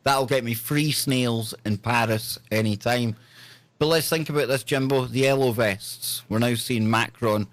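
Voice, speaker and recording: A man's voice: medium pitch, unhurried, no room sound. A man hosting a talk show, reading news stories with joking, sarcastic asides. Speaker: podcast host. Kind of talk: casual news chat.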